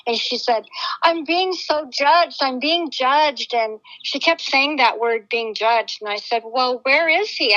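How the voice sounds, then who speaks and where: Woman, high voice, bright tone, chatty storytelling, dull lo-fi sound. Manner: chatty, repeats quoted dialogue. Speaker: guest eyewitness. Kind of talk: casual storytelling conversation. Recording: dull lo-fi audio.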